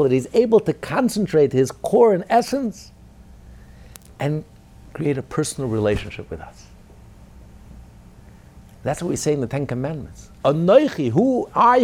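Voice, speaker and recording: A man giving a Torah lecture as a rabbi, emphatic, moving between loud declarations and quiet asides, with Hebrew terms throughout. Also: fairly high pitch.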